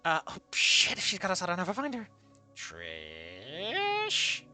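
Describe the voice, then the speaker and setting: A man reading fanfiction aloud and breaking off into comedic asides, swearing freely and quick to laugh at the text. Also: high voice, huge pitch swings, sharp tone, faint music behind. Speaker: fanfiction reader and commentator.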